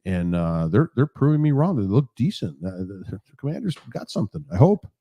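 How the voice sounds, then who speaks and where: A man co-hosting a casual podcast, bantering about politics and football and jumping up in pitch when he is incredulous. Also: big pitch swings, brisk, dark tone. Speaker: podcast co-host.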